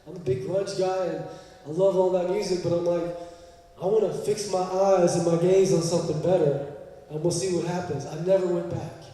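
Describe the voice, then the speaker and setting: A pastor delivers a sermon in a high, mellow voice. He moves between emphatic, repeated points and loose joking asides. The sound is roomy, with a long church-hall reverb and the mic set well back from him. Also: steady tone, moderate pace, far from the mic.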